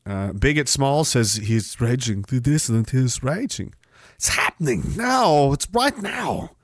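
A man's voice: mid-range voice, very animated, a little slow, dry recording, studio quality. A man in his forties hosting a livestream, reading viewer comments aloud with profane, sarcastic banter and frequent laughter.

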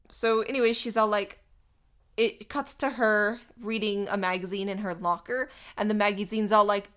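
A woman's voice: mid-range voice, moderate pace, smooth. A woman in a casual podcast chat, recapping a cartoon episode and acting out the characters' lines in little voices. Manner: animated, acts out quotes in little voices. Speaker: podcast co-host.

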